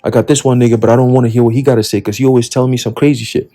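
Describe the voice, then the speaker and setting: A man's voice: medium pitch, steady tone, rapid-fire, mellow, soft background music, lightly acted. A man doing a fed-up ancient king. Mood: irritated. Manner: slangy and profane. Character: irritated ancient male king, dismissive.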